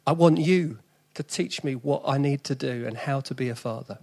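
A man's voice: mid-range voice, normal speed, creaky, a little mellow. A man in his forties with a South East London accent, preaching an earnest, conversational sermon with sudden emphatic rises.

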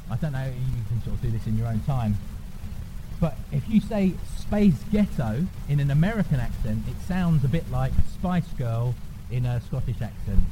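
Man preaching over noisy audio. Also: mid-range voice. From England. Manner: informal, checks in with listeners. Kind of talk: conversational sermon. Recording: noisy church recording.

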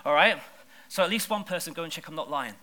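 Male preacher, high and piercingly bright, lively chatty sermon delivery with strong emphasis. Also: fast. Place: church service.

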